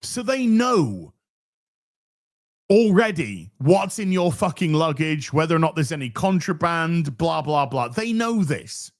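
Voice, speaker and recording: Animated sarcastic British man. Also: a little high, unhurried. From Britain. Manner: sarcastic, swears often, acts out both sides of a story. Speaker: podcast host. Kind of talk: casual storytelling chat.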